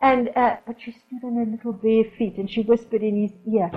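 A woman preaching a sermon, telling a story in a lively way and dropping to a soft whisper for quoted lines. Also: fairly high pitch, brisk, narrow, tinny audio.

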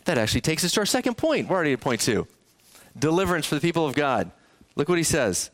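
Here a male pastor preaches quickly in a church sanctuary, his slightly high voice swinging widely in pitch. He talks conversationally and keeps turning questions toward the congregation.

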